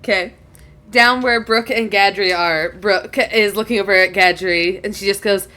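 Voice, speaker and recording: A woman's voice: mid-range voice, fairly even intonation, moderate pace, bright, forceful tone. A woman narrating as game master in a chatty way, laughing often.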